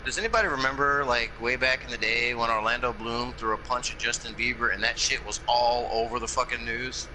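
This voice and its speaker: Bright-voiced man telling crude jokes. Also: medium pitch, fairly quick, few pauses, a little hiss or hum, low-quality recording. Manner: deadpan joke delivery, profane. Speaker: gamer in a friends' voice chat.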